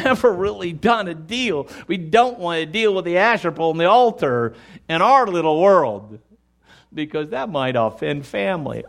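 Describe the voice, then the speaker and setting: A man preaching a sermon, speaking emphatically and addressing the congregation directly, and sometimes acting out quoted voices. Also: high-pitched. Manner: acts out quoted voices in dialogue. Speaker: pastor.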